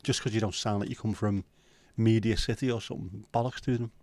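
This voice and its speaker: Speaking quickly in a lowish voice, a Liverpool-accented livestream host reads out comments and responds with blunt, sweary banter in a relaxed chat. The sound is close and dry, without echo or any sense of a room.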